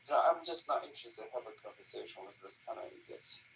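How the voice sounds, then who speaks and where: A man's voice: lowish voice, lively intonation, fast, creaky, fairly bright tone, slight background noise. Dismissive man in a distant, echoey chat. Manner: dismissive, curt, repeats he does not care. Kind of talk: argument in an online voice chat.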